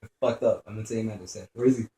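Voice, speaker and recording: A man's voice: on the low side, fairly even intonation, fast, dark tone. Profane, jumpy young man commenting on a game. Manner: profane, jumpy, mutters to himself. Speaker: gameplay commentator. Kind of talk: gameplay commentary. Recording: echoey room, faint background noise.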